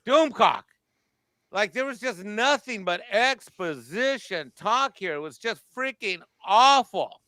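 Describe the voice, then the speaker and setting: A man with a Mexican accent talking on a review panel, animated and joking, laughing at his own jokes. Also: sits high, slow, dry recording.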